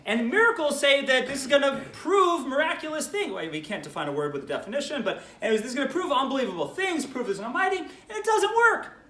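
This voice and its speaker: Rabbi, male, lively high-pitched delivery, bright tone, echoey room. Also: quick pace, few pauses. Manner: animated storytelling, acts out quoted voices. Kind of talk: informal lecture.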